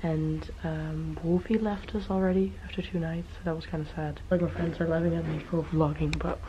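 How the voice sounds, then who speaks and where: A woman in her twenties with a hoarse, worn-out voice, chatting casually and rambling to the camera in a vlog. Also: low voice, flat delivery, a little fast. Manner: chatty, rambling, tired, giggly. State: hoarse, voice nearly gone. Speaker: vlogger. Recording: muffled camera audio with background noise.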